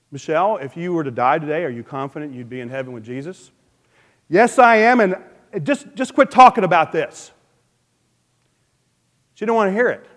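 Male pastor, fairly high voice, playful animated preaching, long hall reverb. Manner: animated, playful asides with sound effects. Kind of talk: sermon.

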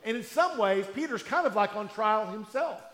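A man preaching a sermon in a conversational storytelling way, with emphatic pauses, in a large hall. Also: high-pitched, lively intonation, fairly bright tone. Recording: echoey hall with long reverb.

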